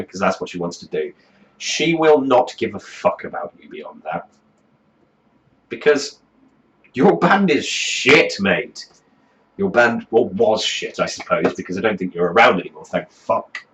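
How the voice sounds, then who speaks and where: A man's voice: low-pitched, dull audio. A man delivering a profane comedic rant as a music review host, swearing constantly in a mocking, exasperated way.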